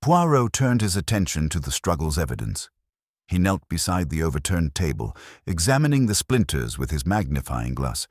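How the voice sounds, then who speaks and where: A man's voice: very deep voice, very animated, moderate pace, no room sound, studio quality. A man giving scripted audiobook narration of a mystery story with dramatic storytelling.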